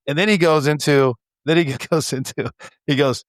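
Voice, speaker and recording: Animated, laughing podcast co-host man. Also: fairly high pitch, quick pace, dry recording, clean studio sound. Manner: animated storytelling, swearing, laughing often. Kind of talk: casual chat.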